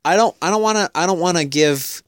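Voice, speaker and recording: A man's voice: sits high, dry recording, studio quality. A man co-hosting a podcast, chatting casually about hockey, playful and teasing, often trailing off. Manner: playful, quick to tease, trails off mid-thought. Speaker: podcast co-host.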